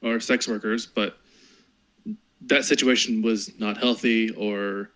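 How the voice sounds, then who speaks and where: A man co-hosting a gaming podcast in casual chat, speaking in a quick, earnest way with stumbling restarts. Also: on the low side, steady tone, fairly bright tone. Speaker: podcast co-host.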